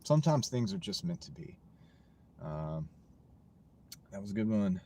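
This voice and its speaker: A man's voice: fairly low pitch, animated, moderate pace, long pauses, dark tone. Joking American man chatting on a livestream. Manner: joking, rambling, talks to chat. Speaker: livestreaming gig-delivery driver. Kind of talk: casual livestream chat reading comments. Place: parked car. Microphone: wireless mini clip-on mic.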